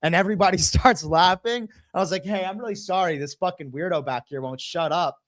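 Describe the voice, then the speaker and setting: A man's voice: high-pitched, brisk, fairly bright tone, dry recording, studio quality. A man telling a long story in casual chat, swearing often and acting out the voices of the people in it. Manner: profane, acts out the voices of others in his story.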